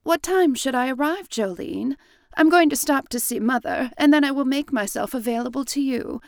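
A woman voicing a kind, earnest young woman from a period story who speaks warmly and pleadingly to her sister. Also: high-pitched, moderate pace, gravelly, no room sound, clean studio sound, voice pushed up. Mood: eager.

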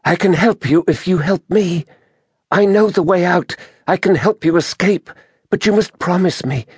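A man's voice: high voice, moderate pace, a little mellow, husky, no echo, clean studio sound, voice pushed up. A man voicing a wounded, exhausted young woman druid who pleads for help. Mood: pleading.

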